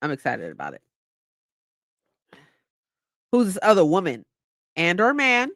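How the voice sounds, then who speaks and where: A woman's voice: lowish voice, huge pitch swings, a little fast, fairly bright tone, dry recording. A woman in her twenties casually chatting on a livestream, playful and mock-dramatic as she reads her chat aloud. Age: 20s. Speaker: livestream host.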